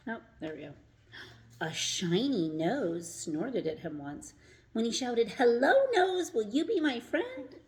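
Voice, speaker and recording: Slow, low-voiced woman reading to a child. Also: darkish tone. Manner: chatty and self-mocking, laughing at her slips. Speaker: reading a picture book to a child. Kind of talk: casual read-aloud.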